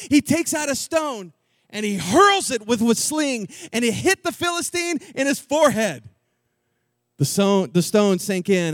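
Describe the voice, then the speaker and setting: A male preacher telling a story in an animated, jokey, slangy sermon style. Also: very high-pitched, no echo, studio quality.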